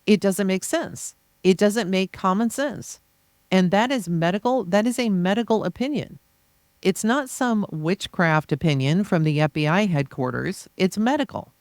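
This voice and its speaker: A podcast reader voicing a defense attorney's closing argument, forceful and insistent with repeated rhetorical phrases. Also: medium pitch, expressive, moderate pace, no echo, clean studio sound. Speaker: podcast reader of trial transcripts. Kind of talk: reading a courtroom closing argument aloud.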